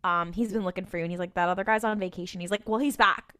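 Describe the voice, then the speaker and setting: A woman's voice: lowish voice, steady tone, racing, sharp tone, clear, resonant tone. A woman co-hosting a casual rewatch podcast, retelling an episode and acting out the characters' lines with laughter. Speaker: podcast co-host.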